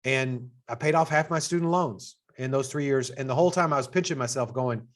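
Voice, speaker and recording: A middle-aged man with a Texas accent, hosting an information session as assistant dean. He talks in an upbeat, conversational way and jumps up in pitch to stress his points. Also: fairly quick. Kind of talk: presentation to prospective students.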